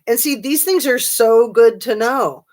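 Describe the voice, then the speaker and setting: A woman's voice: on the high side, measured pace, darkish tone. A woman hosting a casual true-crime livestream, chatting and reading viewer comments with lots of ums and a sarcastic streak.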